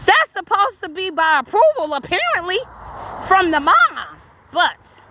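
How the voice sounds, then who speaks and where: A woman's voice: extremely high pitch, big pitch swings, a little slow, sharp tone, slight background noise. A woman with a New York accent, out of breath while walking outdoors, talks bluntly and preachily to her viewers in a casual live stream. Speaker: spiritual vlogger.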